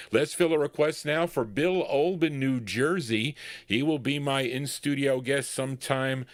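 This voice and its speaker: A man's voice: lowish voice, no room sound, studio quality. A man hosting a live record show, chatting casually and rambling with fillers as he talks to his listeners as folks. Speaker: radio show host and DJ. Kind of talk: casual live radio patter.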